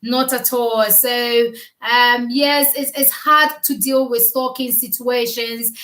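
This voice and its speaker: A woman's voice: on the high side, fairly even intonation, slow, bright, forceful tone. A woman co-hosting a casual chat, talking earnestly and emphatically, often repeating her words. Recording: echoey room.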